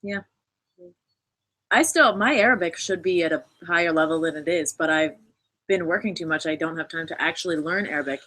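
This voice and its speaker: A woman's voice: low-pitched, fairly quick, sharp tone. A young American woman in casual live chat, talkative and playful. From United States. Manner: talkative, playful, switches into German. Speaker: guest.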